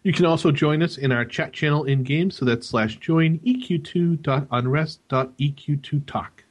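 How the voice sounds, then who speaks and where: A man's voice: on the high side, moderate pace. A man co-hosting a gaming podcast, teasing his co-host in casual banter with chuckles.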